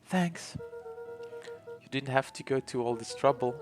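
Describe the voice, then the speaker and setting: Dude reading a shy soft-spoken kid, slow, a little music playing. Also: male voice, medium pitch, close to an everyday voice. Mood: apologetic.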